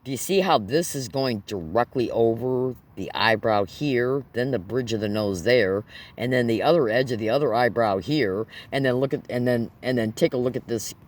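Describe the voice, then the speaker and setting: This vlogger has a mid-range voice and speaks at a moderate pace straight to the camera. Agitated and emphatic, he keeps throwing rhetorical questions at viewers, breaking into nervous laughter during the monologue.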